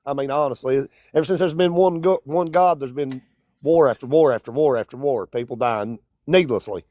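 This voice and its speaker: A man's voice: mid-range voice, moderate pace, mellow, dry recording. A man from Kentucky with a Kentucky accent, calling in to a debate stream just out of bed, rambling and stumbling over his words. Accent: Kentucky, near the Tennessee line. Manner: rambling, stumbling, self-deprecating. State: just woke up. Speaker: caller. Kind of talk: casual debate call-in.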